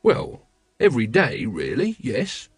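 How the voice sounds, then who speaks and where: A man's voice: mid-range voice, wildly swooping pitch, unhurried, husky, dry recording, exaggerated voice. A man voicing a naive, eager young watch recruit who is earnest and puzzled. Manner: earnest, wide-eyed and puzzled.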